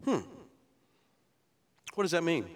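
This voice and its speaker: A man's voice: fairly high pitch, big pitch swings, slow pace. A male pastor preaching an expository sermon, explaining scripture in an earnest teaching tone that builds to emphatic peaks. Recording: long reverb of a large hall.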